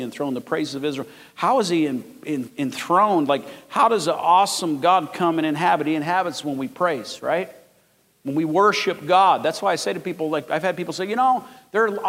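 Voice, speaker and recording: A man in his fifties preaching a sermon as pastor, telling stories and rising to loud, emphatic peaks. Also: on the high side. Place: large church sanctuary. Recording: long hall reverb.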